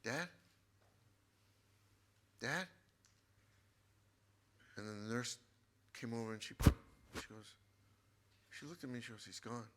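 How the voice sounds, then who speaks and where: A man's voice: mid-range voice, fairly even intonation, brisk, pauses often, fairly bright tone, clear, resonant tone. A man, a book author as a guest, telling an emotional personal story in an earnest way and repeating his phrases.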